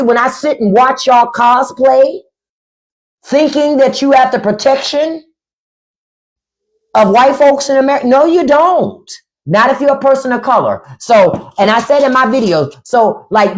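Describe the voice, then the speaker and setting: A woman hosting a livestream, talking in a blunt, profane and sarcastic way. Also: a little high. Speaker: livestream and podcast host. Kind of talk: unscripted livestream commentary.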